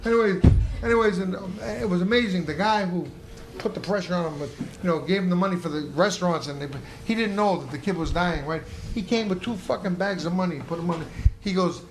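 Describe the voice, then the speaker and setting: Emotional high-voiced man telling a story. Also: a little fast, background noise. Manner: emotional, rambling, repeats himself. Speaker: guest storyteller, former boxer. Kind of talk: live podcast storytelling. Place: live comedy club stage.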